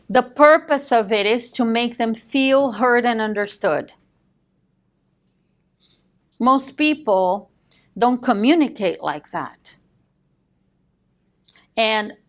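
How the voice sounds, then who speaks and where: Brisk, emphatic woman coaching a class. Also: on the high side. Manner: emphatic, quizzes listeners with rhetorical questions. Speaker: real estate sales coach.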